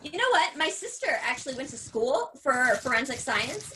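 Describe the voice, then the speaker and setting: A woman co-hosting a podcast, chatting in a playful, animated way and acting things out. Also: high voice, moderate pace, a little hiss or hum, rough recording. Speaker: podcast co-host. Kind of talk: casual chat.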